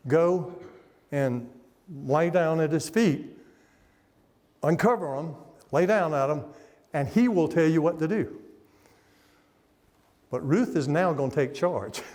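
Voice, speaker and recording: A man's voice: medium pitch, darkish tone. A middle-aged man preaching a revival sermon in a church, telling the story folksily and putting questions to the congregation. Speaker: guest preacher. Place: church sanctuary. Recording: long hall reverb.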